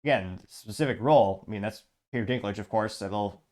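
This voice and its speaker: A man's voice: lowish voice, fast, a little mellow. A man hosting a show in casual commentary, reading viewer comments aloud with sarcastic asides and frequent laughs. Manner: sarcastic, laughs often, restarts. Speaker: host.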